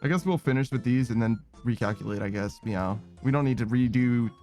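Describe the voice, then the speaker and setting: A young man chats loosely over a game stream, his voice at an ordinary middle pitch. He drifts from thought to thought, swears offhandedly and slips a little "meow" onto the end of almost every sentence. Soft music plays faintly behind him. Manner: tacks a quick "meow" onto nearly every phrase; rambling, laid-back, swears casually. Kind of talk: casual gaming stream chat.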